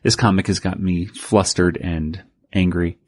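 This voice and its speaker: A man co-hosting a podcast in casual chat, rambling through a comic recap and jumping into higher voices for quoted lines. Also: fairly even intonation, unhurried, a little mellow, husky, no echo, clean studio sound. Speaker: podcast co-host.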